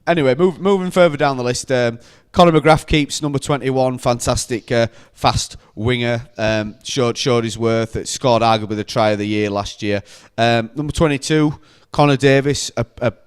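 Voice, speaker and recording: A man's voice: medium pitch, moderate pace, few pauses, clean tone. A man co-hosting a casual sports podcast, running through a list with frequent ums and uhs. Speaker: podcast co-host.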